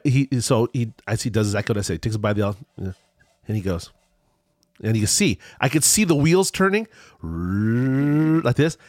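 In a casual chat, a man with a medium-pitched voice tells a long, rambling story, his tone swinging up and down a lot. He keeps restarting his sentences in an animated way. The sound is close and dry, with no echo.

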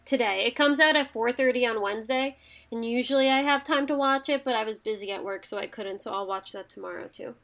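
Woman co-host, high bright pitch, rambling, chatty, casual. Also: fairly quick, vocal fry. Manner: rambling, chatty, frequent fillers and laughs. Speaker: podcast co-host. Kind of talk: casual chat.

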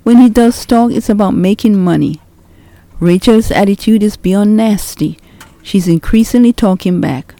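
A woman reading the part of a strict mother in a read-aloud novel, firm and scolding, voice mellow and soft at the edges. The recording is dry and close, with no room sound. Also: mid-range voice, normal speed, no room sound, lightly acted. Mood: worried, defensive. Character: stern, sharp-tongued middle-aged mother. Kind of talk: storybook reading.

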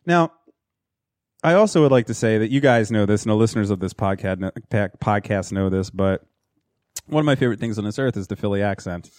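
A man's voice: on the low side, lively intonation, a little fast, a little mellow, dry recording. Male podcast host, Philly-tinged accent, rambling and profane, dry close recording. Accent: picks up a Philadelphia accent. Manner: rambling, joking, swears freely. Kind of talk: casual podcast chat.

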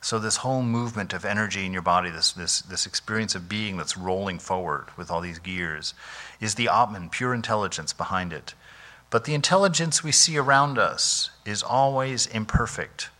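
A man, a monk, giving an informal spiritual talk in a conversational, animated way, often saying "you know" and laughing softly. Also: fairly low pitch, moderate pace.

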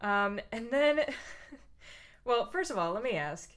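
Brief: woman co-host, highish voice, animated and giggly, reacting to a picture book. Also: smooth. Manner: quick, expressive, giggly. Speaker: podcast co-host. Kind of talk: casual book chat.

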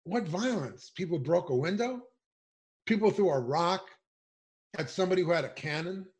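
A man's voice: high-pitched, expressive, moderate pace. Indignant, emphatic man speaking out. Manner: emphatic, indignant, rhetorical questions. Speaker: political speaker. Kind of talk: impassioned political commentary.

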